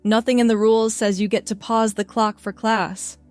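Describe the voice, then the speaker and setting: A woman's voice: on the high side, little pitch movement, normal speed, soft background music, natural voice. Brief: woman as brash young man, gleeful, storybook.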